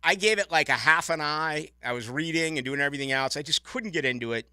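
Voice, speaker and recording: A man hosting a sports radio show, chatting casually and ranting with animated opinions from a studio mic. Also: on the high side, fast, clean tone, no room sound. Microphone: studio microphone.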